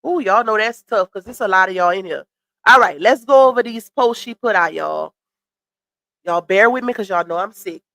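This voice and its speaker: A woman's voice: medium pitch, normal speed, gravelly, a bit bright. A woman with a cold and a stuffy, congested voice, hosting a casual live stream commentary, sassy and chatty as she greets her chat.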